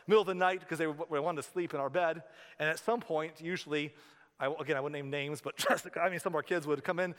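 A male pastor preaching a sermon in a church, conversational and animated, telling stories with asides. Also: fairly high pitch. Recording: reverberant hall.

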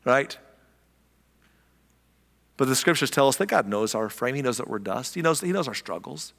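A man preaching a sermon as pastor, animated and conversational, repeating key lines for emphasis. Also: medium pitch, moderate pace, creaky, big-room sound.

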